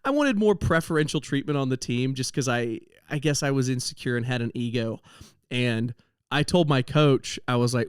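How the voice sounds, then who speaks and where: A man's voice: mid-range voice, moderate pace, clear, resonant tone, no echo, studio quality. Laughing, rambling comedian man. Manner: rambling, laughs often mid-sentence. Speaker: podcast host and comedian. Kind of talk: comedic storytelling monologue.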